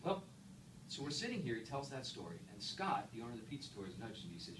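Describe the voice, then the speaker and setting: A man's voice: mid-range voice, very animated, quick pace. A man giving a humorous storytelling speech to an audience, chatty and checking in with his listeners. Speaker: Toastmasters speaker. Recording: echoey room, far mic, background noise.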